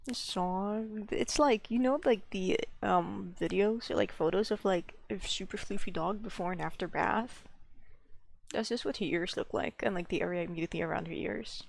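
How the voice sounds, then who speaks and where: Woman streamer, casual live chat, slight fry, giggly and rambling, playful pet-talk. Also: medium pitch, moderate pace. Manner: rambling and giggly, with many "like" fillers; coos playfully at her pet.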